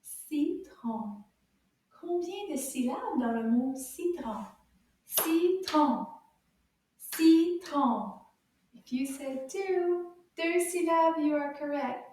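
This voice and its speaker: A woman teaching French to young children, saying words slowly and clearly and giving cheerful praise. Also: high-pitched, lively intonation, dark tone, slight background noise. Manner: slow, exaggerated repeating of words for children. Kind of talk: kids' language lesson. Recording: echoey room, voice far from the mic.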